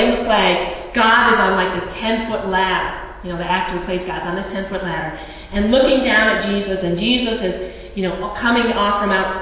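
A woman's voice: medium pitch, a bit bright. A woman pastor preaching a sermon in a church, conversational and wry, with asides to the congregation. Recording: echoey church hall, distant mic.

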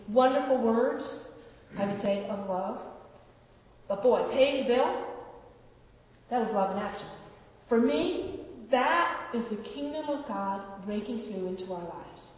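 A woman giving a storytelling sermon in a relaxed conversational way, laughing at times and rising in emphasis. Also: on the high side, moderate pace. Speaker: pastor. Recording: roomy hall from far off.

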